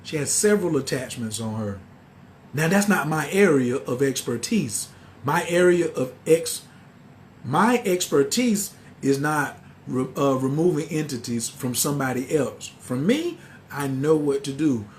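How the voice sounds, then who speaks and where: A man, telling a story in a casual, animated way and acting out the quoted voices. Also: on the high side, a little slow, a little hiss or hum. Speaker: spiritual teacher.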